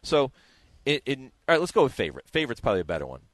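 A man's voice: mid-range voice, huge pitch swings, rapid-fire, dry recording. A man hosting a radio show, chatting casually with restarts and asides.

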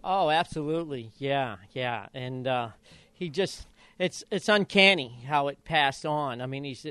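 A man's voice: fairly high pitch, smooth, no echo. An older man from Idaho, a retired jockey and father of jockeys, telling stories in a casual interview and acting out quotes with laughs. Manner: animated storyteller, acts out quotes with laughs.

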